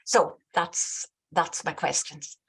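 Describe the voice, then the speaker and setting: British lady asking a question, lowish voice, lots of uhs. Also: fairly even intonation, takes it slowly, gravelly, a bit bright, breathy edge. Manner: hesitant, many fillers, holds the floor. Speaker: audience member asking a question. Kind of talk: audience question at a meeting.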